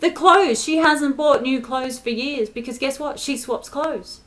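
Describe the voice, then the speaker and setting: A woman's voice: high-pitched, a little slow, few pauses, fairly bright tone. A woman in an angry, exasperated rant to camera, swearing often and stressing her words. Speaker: spiritual vlogger.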